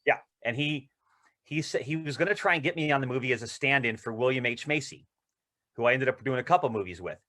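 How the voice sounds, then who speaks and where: A male actor, interviewed as a guest, telling rambling, excited anecdotes in casual conversation. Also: mid-range voice, fast.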